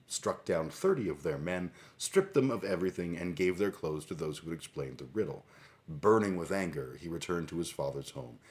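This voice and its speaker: Deep voiced guy on a livestream, reading bible stuff and snarking about it, rambly. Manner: sarcastic, irreverent, rambling. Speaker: livestream host. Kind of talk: casual commentary reading scripture aloud.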